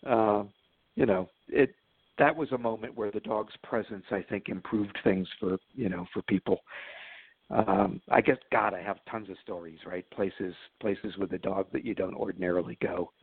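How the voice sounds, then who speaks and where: A man's voice: fairly low pitch, moderate pace, vocal fry, slightly rough, dry recording. A man telling stories as a guest in an interview, chatty and laughing at his own stories, with lots of fillers. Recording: phone line.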